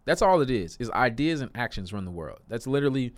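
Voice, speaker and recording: A young man talks straight to his viewers about self-love, in a voice of ordinary middle pitch. He is earnest and repetitive, hammering his points home. At times he climbs into loud, emphatic bursts before settling back down. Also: very animated, fast. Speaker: self-help video creator. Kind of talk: motivational talk to camera.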